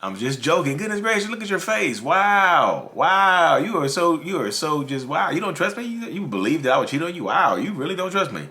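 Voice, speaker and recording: A man's voice: medium pitch, sing-song, takes it slowly, pushed and bright, full character voice. A man voicing a mocking, gaslighting partner who brushes off a confession as a joke, repeating "wow" incredulously.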